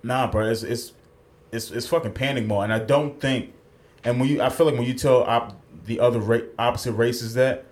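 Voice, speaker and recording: A man's voice: mid-range voice, steady tone, normal speed. A man co-hosting a podcast, telling a story in casual chat, acting out the quotes and swearing freely, at a studio mic. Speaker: podcast co-host.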